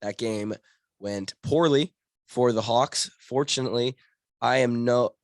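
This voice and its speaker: A young man with a hoarse voice from a cold, hosting his podcast in rambling, self-correcting casual talk. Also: mid-range voice, measured pace, dry recording, studio quality. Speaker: podcast host.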